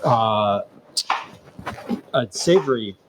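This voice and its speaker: A man's voice: fairly low pitch, lively intonation, slow pace, noisy background. A man competing as a home cook, talking casually on a livestream about his charity and dish, with laughs and restarts. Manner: chatty, laughing, self-correcting. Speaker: cooking contestant.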